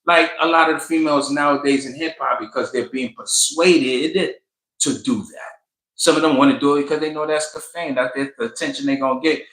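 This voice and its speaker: A man's voice: a little high, a little fast, echoey room, low-quality recording. A man hosting casual commentary, telling a story in colloquial speech and acting out what others said. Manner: animated storytelling, colloquial, acts out quotes. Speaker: commentary host.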